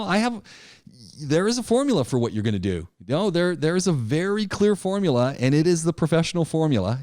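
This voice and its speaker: A man teaching an online public speaking class, talking in an animated, emphatic way, often repeating himself and restarting his sentences. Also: mid-range voice, no echo, studio quality. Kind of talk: live online class lecture.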